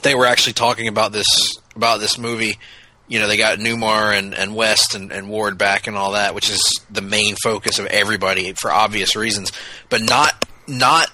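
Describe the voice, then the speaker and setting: Brief: jokey podcast co-host, very bright voice, dry close sound. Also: male voice, lowish voice, steady tone, normal speed, no room sound, low-quality recording. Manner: jokey, breaks into impressions. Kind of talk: casual chat.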